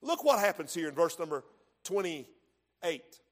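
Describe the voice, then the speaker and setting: A man preaching a sermon in church, swinging from hushed tones to shouting. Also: fairly high pitch, very animated, measured pace. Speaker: pastor.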